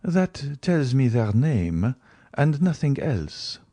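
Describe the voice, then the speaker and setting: A man's voice: medium pitch, sing-song, takes it slowly, dark tone, pitched above the performer's own voice, heavily acted. A man voicing a suspicious middle-aged male banker who speaks in a dry, probing, dismissive way, in an audiobook reading. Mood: skeptical. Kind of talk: audiobook character voice.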